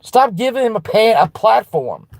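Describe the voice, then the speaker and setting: A woman hosting a livestream, ranting bluntly with lots of swearing and restarts while answering her chat, then turning soft to apologize. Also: on the high side, big pitch swings, normal speed, no room sound, clean studio sound. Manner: blunt and profane, with frequent restarts; fired-up and defiant, turning soft when apologizing. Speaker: livestream host.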